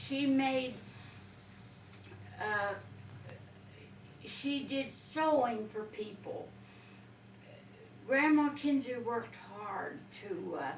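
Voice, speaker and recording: An older woman telling family memories slowly and reflectively in an oral history interview. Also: fairly high pitch, a little hiss or hum. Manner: slow, reflective storytelling. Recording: echoey room, distant mic.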